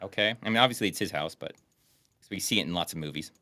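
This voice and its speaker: A man's voice: low voice, rapid-fire, bright, forceful tone, no room sound. A young man co-hosting a bad-movie review, mocking the film in casual, sarcastic commentary.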